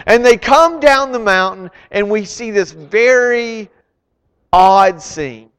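A man preaching a sermon, retelling scripture dramatically and swinging between loud emphasis and hushed asides. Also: very high voice, lively intonation, slow, clear, resonant tone. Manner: dramatic, voices the figures in the stories he retells. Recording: long hall reverb.

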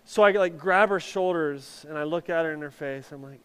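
A man's voice: a little high, brisk, hardly any pauses, fairly bright tone, clean tone, long reverb tail. A man preaching a sermon, telling a personal story in a conversational way with many fillers and restarts. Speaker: pastor.

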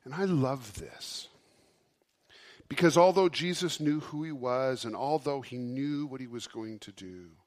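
A man preaching a sermon as pastor, impassioned, swinging from loud emphasis down to a soft hush. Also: medium pitch, unhurried.

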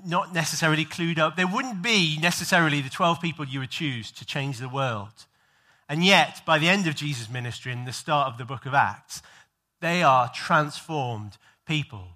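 A man's voice: a little high, pushed and bright. A male preacher giving a conversational sermon to his congregation in a church, full of self-deprecating jokes and loose fillers.

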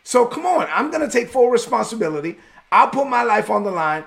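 A man's voice: high voice, very animated, moderate pace, creaky, a bit bright, heavily acted. A man preaching a sermon acts out a grown son who pleads with his father in an exasperated, insistent, streetwise way.

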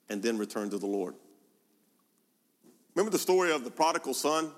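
A man's voice: medium pitch, big pitch swings, a little fast, pauses often. Preaching man in a reverberant hall. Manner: rhetorical questions, emphatic repetition. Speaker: pastor. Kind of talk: sermon.

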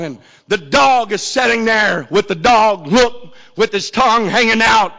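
A man preaching a sermon, telling a story slowly and building to shouted climaxes. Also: high voice, expressive, gravelly. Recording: dull lo-fi recording.

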